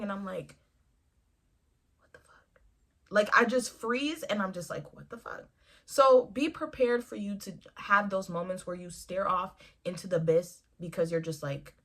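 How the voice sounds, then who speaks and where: A woman in her twenties talks straight to camera, giving advice in a casual, lively way. Her voice is bright, and she acts out her own reactions as she goes. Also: mid-range voice. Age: 20s. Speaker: vlogger. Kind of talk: casual advice vlog talk.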